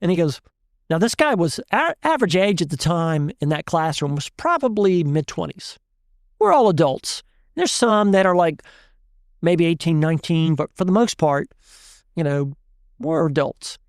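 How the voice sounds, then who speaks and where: A man, a chef and guest, telling an animated story in casual chat and laughing often. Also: fairly high pitch, normal speed, clear, resonant tone, no room sound, studio quality. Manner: animated, laughs often, tells stories with voices.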